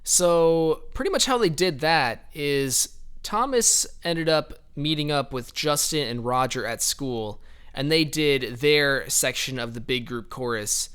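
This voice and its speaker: A man's voice: on the high side, a little slow, fairly bright tone, clear, resonant tone. A young man giving casual, rambling commentary on his band's album, laughing often and hedging with fillers.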